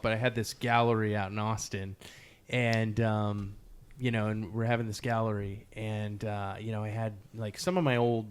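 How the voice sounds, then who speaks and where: A man with a fairly low voice shares stories as a podcast guest. He speaks casually, filling pauses with fillers and laughing at his own slip-ups. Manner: animated, laughs at himself, many fillers; slow, measured poetry reading. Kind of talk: casual storytelling interview.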